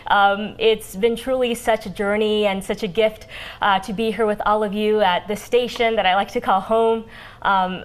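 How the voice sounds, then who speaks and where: A young woman from Western Massachusetts, a TV news reporter giving a heartfelt on-air farewell speech in a studio, with fillers and restarts. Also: mid-range voice.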